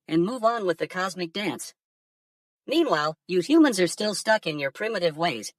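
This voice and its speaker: A woman's voice: lowish voice, no room sound, studio quality, recorded from a distance, lightly acted. A woman voicing a crude alien conspiracy theorist who talks down to humans in a profane, mocking rant. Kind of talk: AI-generated news segment.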